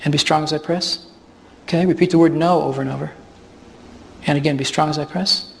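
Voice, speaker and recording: A man's voice: on the high side, steady tone, a little fast, creaky, slight background noise. A man presenting a live stage demonstration at a workshop, explaining as he goes and chuckling often. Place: large hall with audience. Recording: reverberant hall.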